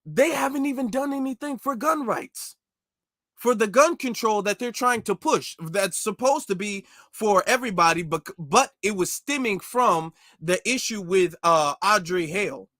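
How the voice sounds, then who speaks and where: A man hosting a commentary video, reacting critically and emphatically to a clip he pauses and mocks. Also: sits high, sharp tone, no echo, clean studio sound.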